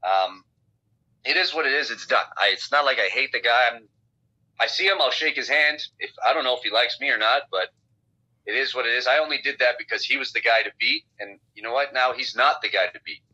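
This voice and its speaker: A guest fighter is interviewed by phone, a man with a mid-range voice and sharp tone who talks a little fast. He rambles bluntly and swears a lot, heard over a dull lo-fi phone line.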